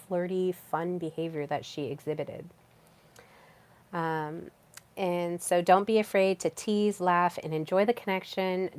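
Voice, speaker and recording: Casting: low-pitched young woman, solo podcast host, relaxed and chatty, with lots of fillers and restarts. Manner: chatty, with frequent fillers and repeated words. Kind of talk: casual solo podcast talk.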